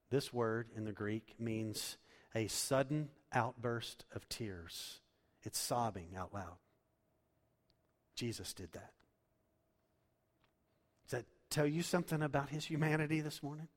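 A man preaching a sermon as pastor, swinging from loud, emphatic lines to hushed, quiet ones. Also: mid-range voice. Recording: long hall reverb.

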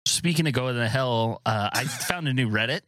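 A man's voice: medium pitch, moderate pace, fairly bright tone, no echo. A man in casual podcast banter who laughs often and reads out forum posts. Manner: laughing, provocative.

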